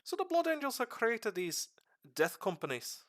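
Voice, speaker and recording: A man lecturing on a livestream in a put-on Irish accent that slips toward Scottish, excitable and swearing. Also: normal speed. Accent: put-on Irish, slipping into Scottish. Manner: excitable, swearing, sudden pitch jumps. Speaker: streamer giving a lore lecture.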